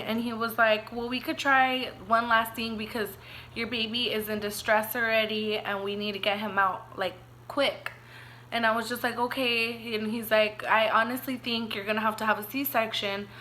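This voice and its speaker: Bright and pushed, a young woman's higher voice carries a teary, emotional personal story told to her vlog audience. She's chatty, leans heavily on "like," and there's slight background noise.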